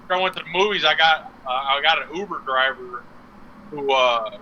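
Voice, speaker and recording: A man's voice: mid-range voice, a little fast, bright, forceful tone, dull audio, slight background noise. A man co-hosting a live stream show, telling crude stories with a lot of swearing and laughter. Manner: profane, laughing, storytelling. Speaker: co-host. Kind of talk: crude casual chat.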